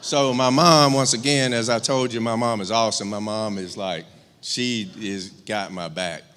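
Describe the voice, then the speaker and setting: A man's voice: lowish voice, fairly even intonation, moderate pace, fairly bright tone, smooth. A middle-aged man from rural Georgia giving a eulogy for his older brother, telling candid stories with humor and many fillers. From rural Georgia, US South. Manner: candid, joking storyteller with many fillers and restarts. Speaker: eulogist, younger brother of the deceased. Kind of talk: eulogy at a memorial service. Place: church sanctuary. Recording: long church-hall reverb.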